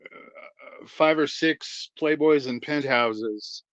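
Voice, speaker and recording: A man in casual chat, speaking hesitantly and slowly with many ums and uhs. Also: fairly high pitch, fairly bright tone, no echo. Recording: dull dry remote audio.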